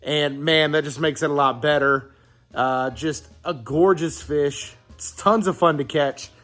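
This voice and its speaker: A man's voice: fairly high pitch, measured pace, no room sound. A man vlogging while fishing outdoors at a pond, talking casually and exclaiming a lot. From southeastern Virginia, US. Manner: excitable, exclaims repeatedly. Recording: faint music in the background.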